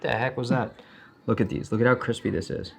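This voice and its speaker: A man's voice: mid-range voice, brisk, vocal fry, slight background noise, low-quality recording. A chatty, jokey man hosting a casual cooking demonstration in a home kitchen. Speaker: chef host. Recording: loud sizzling pan behind voice. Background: frying and sizzling.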